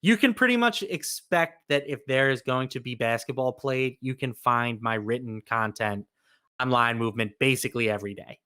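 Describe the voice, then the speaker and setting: A male betting analyst with a bright, forceful voice that comes across smooth and crisp. He sounds measured and matter-of-fact and builds his case from numbers. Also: mid-range voice.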